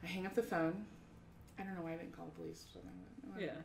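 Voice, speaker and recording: A young adult woman, an artist guest, telling a story in an excitable, rambling way with frequent laughter and fillers. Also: lowish voice, rapid-fire, vocal fry, a little hiss or hum. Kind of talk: animated storytelling. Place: art studio. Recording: roomy, distant mic, faint ambience.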